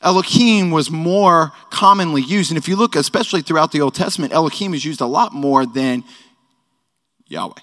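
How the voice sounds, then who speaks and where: A man's voice: fairly high pitch, animated, brisk, a bit bright. A man in his thirties teaching a sermon at a worship service, casual and joking, with frequent conversational asides. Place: worship hall. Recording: echoey hall reverb.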